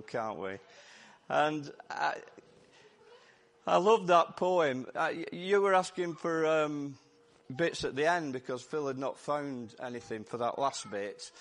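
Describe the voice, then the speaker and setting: A man with a Lancashire accent preaching a lively, jokey Easter sermon to his church while his voice goes hoarse. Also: a little high, unhurried. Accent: Lancashire English. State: voice going hoarse. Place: church service.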